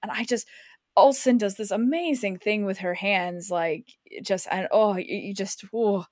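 A woman in casual chat about a TV episode, animated, often acting out lines in quoted voices. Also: medium pitch, moderate pace, no echo, studio quality.

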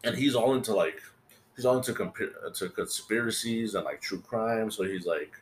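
A Californian man hosts a podcast, speaking on the low side at normal speed in an echoey room with slight background noise. His chat is casual, rambling, and profane, with friends' remarks acted out.

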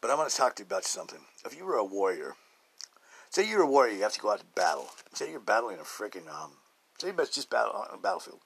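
Deep gravelly man rambling on faith. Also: big pitch swings, fast, poor audio. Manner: rambling, swings from hushed murmurs to loud bursts; chuckles often between thoughts. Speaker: podcast host. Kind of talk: casual spiritual podcast monologue.

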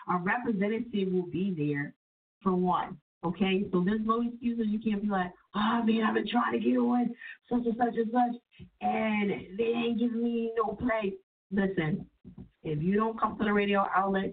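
A sick woman hosts her call-in radio show in a loose, profane, chatty way. Her voice sits at an ordinary pitch for a woman. It comes through thin and phone-like, as if from a distance. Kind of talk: casual call-in radio talk.

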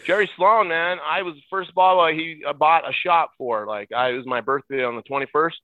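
A middle-aged man with a fairly high pitch, formerly a ballboy, joins a podcast as a guest from his home in Utah. His phone-line audio is tinny and dry, without echo, as he excitedly tells stories, laughs often, and bursts into shouted impressions.

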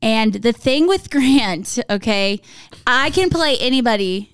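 Smooth-voiced, sheepish young woman, dry sound. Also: fairly high pitch, lively intonation, measured pace, no echo. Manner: sheepish, self-deprecating storyteller. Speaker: podcast guest. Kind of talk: casual chat.

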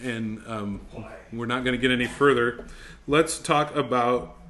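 Male ministry instructor, middle-aged, sharp bright voice, fervent classroom delivery, repeats himself as he builds. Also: medium pitch, measured pace. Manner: intense, emphatic, rising to fervent exhortation; frequent word repetitions and restarts. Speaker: ministry school teacher. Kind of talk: classroom teaching on preaching.

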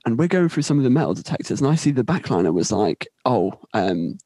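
A young man telling a story in casual chat, animated and laughing, acting out other people's voices. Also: mid-range voice, fast, slightly rough, no echo. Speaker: podcast guest telling a story.

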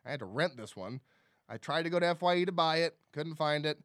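A young man co-hosting a casual movie podcast, chatty and quick to agree, laughing often and swearing freely. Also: fairly high pitch, animated, fairly bright tone, no echo, studio quality. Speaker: podcast co-host. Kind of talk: casual movie-review chat.

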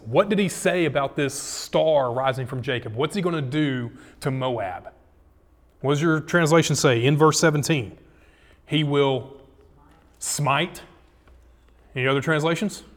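A male pastor preaching a sermon in a casual, animated way, full of slang. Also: fairly high pitch. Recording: echoey hall.

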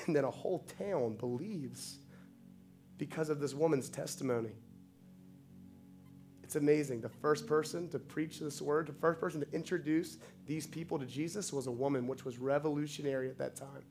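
A man delivering a heartfelt sermon in a slightly high, gravelly voice. He speaks with conviction and rises into insistent, repeated calls to his listeners. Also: moderate pace, darkish tone, faint music behind. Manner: passionate, builds to emphatic repetition. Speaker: pastor.

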